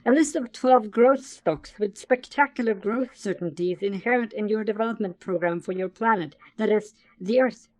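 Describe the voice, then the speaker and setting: A small, courteous male alien with a high, stiff voice that sounds a little strange. He speaks in formal, awkward phrases and is eager to please, as put on by a man reading a story. The sound is dry and close. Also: normal speed, few pauses, darkish tone, no echo, close to an everyday voice. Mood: polite. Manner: formal, overly polite, stilted phrasing.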